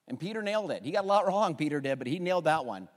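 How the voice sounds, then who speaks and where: Animated pastor man in an echoey church. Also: fairly high pitch, very fast. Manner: animated, call-and-response with congregation. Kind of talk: sermon introduction. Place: church sanctuary.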